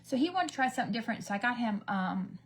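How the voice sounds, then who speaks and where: A woman's voice: on the high side, sing-song, fast, slightly rough. A woman chatting casually on a livestream while doing her makeup, rambling from one story to the next and sometimes dropping to a whisper. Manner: rambling, chatty, drifts between stories. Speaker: beauty vlogger. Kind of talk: casual get-ready-with-me livestream chat.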